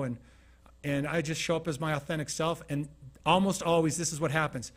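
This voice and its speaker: Man, keynote speaker, motivational talk, storytelling, fairly high voice, talks to the crowd. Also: steady tone, brisk. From Utah. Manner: conversational storytelling, asks the audience questions, acts out scenes. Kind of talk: motivational talk to a live audience.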